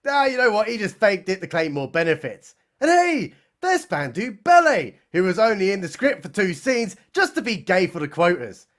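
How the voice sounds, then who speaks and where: A man with a high-pitched voice narrates a comedy recap, sneering and sarcastic throughout. His pitch swings widely from line to line. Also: sing-song, normal speed, few pauses, a bit bright. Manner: sarcastic, mocking. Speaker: comedy reviewer.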